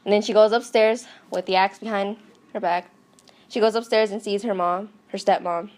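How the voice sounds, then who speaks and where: A woman retells a grim tale as comedy, casual and deadpan, leaning on slang. Her voice sits at an everyday middle pitch. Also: normal speed. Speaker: storyteller. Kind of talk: comedic storytelling.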